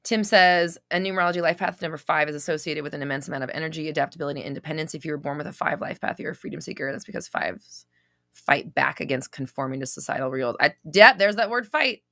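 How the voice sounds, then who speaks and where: A woman's voice: low-pitched, fast talker, a bit bright. Blunt, profane woman streamer. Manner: blunt and profane, reads viewer comments aloud. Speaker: live stream host. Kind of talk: casual live Q&A chat.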